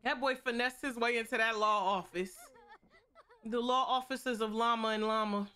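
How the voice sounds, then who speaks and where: A young woman riffing through a long gameplay stream, chatting to her viewers in loose, slangy banter. Her voice sits a little high and rings bright and forward. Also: fairly even intonation, clean tone. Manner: playful, slangy, quick jokes to chat. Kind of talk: casual gameplay commentary.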